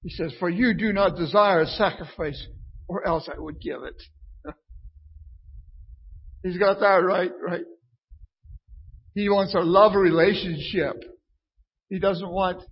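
Male preacher, high husky voice, slow and unhurried, conversational sermon with scripture reading, dull lo-fi recording. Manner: conversational, often asks "right?" of the listeners.

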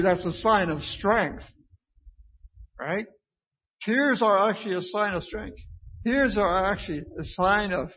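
A man's voice: sits high, breathy edge. A man preaching an informal sermon, reading scripture and often asking his listeners "right?" in a conversational way. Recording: dull lo-fi recording.

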